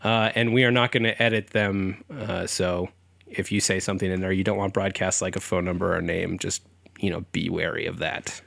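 A man's voice: low-pitched, fairly even intonation, fairly quick, vocal fry, fairly bright tone, no room sound. A young man co-hosting a comedy podcast in casual chat, loose and joking, laughing often, his voice slightly sick. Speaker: podcast co-host.

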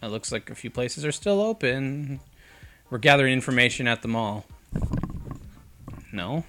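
A man's voice: medium pitch, moderate pace, fairly bright tone, faint music behind. A man playing a video game with friends, bantering casually and sarcastically with plenty of swearing. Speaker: game commentator. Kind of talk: casual let's-play banter.

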